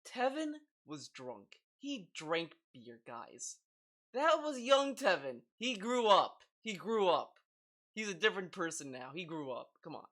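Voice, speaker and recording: A man streaming live and reacting to videos, talking in an excitable, stammering way. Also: on the high side, a little slow. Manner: animated, excitable, stammering repeats.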